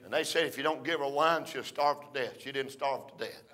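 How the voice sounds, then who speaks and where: An older man preaching a folksy storytelling sermon, rising to shouts between drawn-out "uh" phrases. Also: medium pitch.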